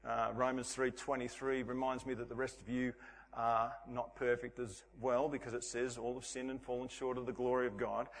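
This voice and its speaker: A man's voice: medium pitch, little pitch movement, normal speed, long reverb tail, a little hiss or hum. A middle-aged man preaching a Father's Day sermon, telling funny stories about himself and laughing often. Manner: storytelling with self-deprecating humor, laughing often. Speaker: pastor. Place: church.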